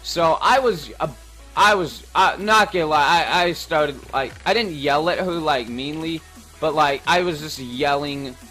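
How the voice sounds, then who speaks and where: A man's voice: fairly high pitch, a little slow, bright, forceful tone. Teen boy rambling through a game vid, lots of ums, light game music behind. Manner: rambling, many fillers and restarts. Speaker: gaming channel host. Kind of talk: casual gameplay commentary. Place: bedroom at home.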